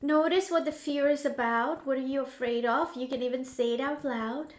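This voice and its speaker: A woman guiding a grief tapping session in a slow, soothing voice, now and then dropping to a soft whisper. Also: sits high, steady tone, roomy sound. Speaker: healing coach.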